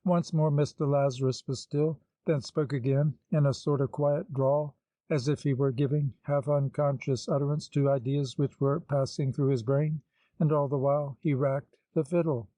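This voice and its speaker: A man reading an audiobook in measured, scripted narration. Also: medium pitch, steady tone, dark tone, dry recording, poor audio. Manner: measured storytelling.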